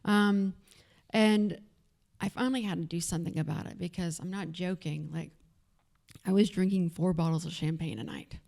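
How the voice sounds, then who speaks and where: Candid, low-voiced woman with a Texas accent. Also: fairly even intonation, normal speed, creaky, a little mellow. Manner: candid, conversational, frequent fillers. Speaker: event speaker. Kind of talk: personal story told to an audience. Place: event venue.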